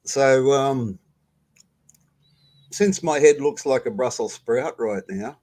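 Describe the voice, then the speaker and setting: A man talks at an open mic in a slow, rambling way. He halts often with fillers and mid-range pitch as he ad-libs. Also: darkish tone. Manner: rambling, halting, with many fillers. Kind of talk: casual stand-up ad lib.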